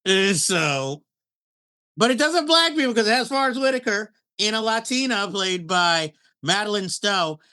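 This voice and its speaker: Lively high-voiced man chatting about films. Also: normal speed. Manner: animated, laughs often, many restarts. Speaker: podcast co-host. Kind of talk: casual film review chat.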